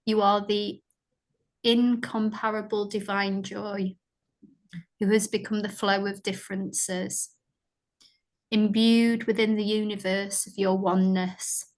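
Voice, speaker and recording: A woman with a northern English accent reads aloud to a yoga class, slow and careful, working through unfamiliar words. Her pitch is middling and her delivery unhurried. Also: flat delivery. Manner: careful, slow reading, stumbles over Sanskrit. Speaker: yoga student.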